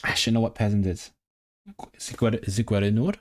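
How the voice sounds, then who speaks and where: With a lowish, slightly mellow voice and fairly even intonation, a man talks a little fast during a casual livestream study session. He thinks aloud as he learns a language, sounding out new words and repeating them.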